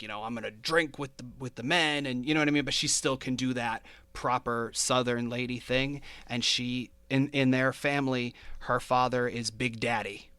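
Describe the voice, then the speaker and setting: Guy hosting a podcast, chatty, goes through his notes, smooth voice, mid pitch. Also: pushed and bright, dry recording. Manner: chatty, works through notes with fillers and laughs. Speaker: podcast host. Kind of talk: casual chat.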